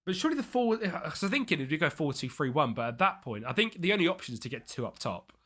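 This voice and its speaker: A young man streaming live, chatting and thinking aloud over a football management game, with excited bursts at chances. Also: a little high, quick pace. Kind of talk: live gameplay commentary.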